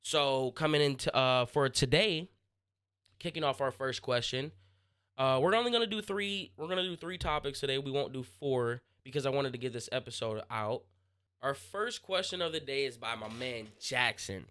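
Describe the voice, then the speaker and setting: A young man hosting his own sports podcast, talking casually and answering listener questions, pausing and restarting mid-thought as he works out what he wants to say. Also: medium pitch, fairly bright tone, clean tone. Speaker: podcast host.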